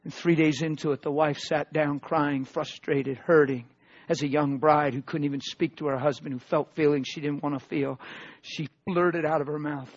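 Husky preacher man swinging loud to hushed. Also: a little high, fairly even intonation, moderate pace, no room sound, dull audio. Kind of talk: testimony sermon.

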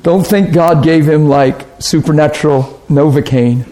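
Earnest preacher man, mellow voice. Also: on the high side, steady tone, unhurried. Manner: earnest, conversational preaching with rhetorical questions. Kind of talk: sermon.

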